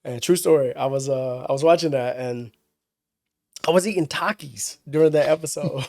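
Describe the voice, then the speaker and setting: A young man telling stories in casual chat as a podcast guest, relaxed and full of slang. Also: medium pitch, normal speed, no echo. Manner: laid-back slang-heavy storytelling, laughs often.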